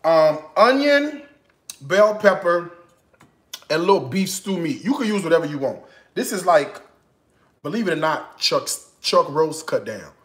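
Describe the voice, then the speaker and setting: A man's voice: a little high, expressive, moderate pace, echoey room. A man hosting his own cooking vlog from his home kitchen, chatting in a playful, sassy way and breaking into song now and then. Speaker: cooking show host. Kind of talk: casual cooking vlog chat.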